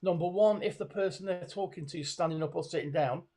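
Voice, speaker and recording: A man's voice: high voice, fast, dark tone. A middle-aged man from the UK, a body language expert speaking as a guest on a video call, with many fillers and restarts. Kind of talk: conversational video call interview. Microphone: video call webcam.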